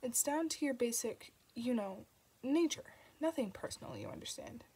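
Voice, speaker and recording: A woman's voice: fairly high pitch, lively intonation, moderate pace, mellow, slightly rough, full character voice. A woman voicing a fussy, anxious male angel in an audiobook, flustered and apologetic. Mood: fretful. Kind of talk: audiobook reading.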